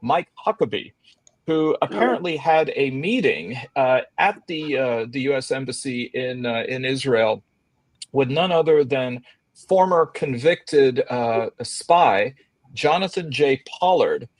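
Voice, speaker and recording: A male host steers a news panel in a dry, close recording. He speaks haltingly, padding his phrases with filler sounds, and slips in wry, sardonic remarks. His voice sits at an ordinary middle pitch. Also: lively intonation, no echo. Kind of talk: panel discussion of weekly news.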